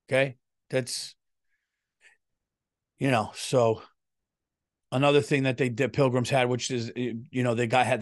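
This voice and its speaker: A man's voice: medium pitch, no echo, studio quality. Profane New man ranting on his podcast. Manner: profane, animated, swings loud and quiet. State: feeling unwell. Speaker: comedian podcast host. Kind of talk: casual comedic rant.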